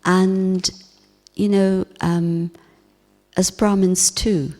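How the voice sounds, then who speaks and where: A woman giving a spiritual class talk, speaking in a gentle, reflective way with soft emphasis. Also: fairly low pitch, level tone, very slow. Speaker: spiritual teacher. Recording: long hall reverb.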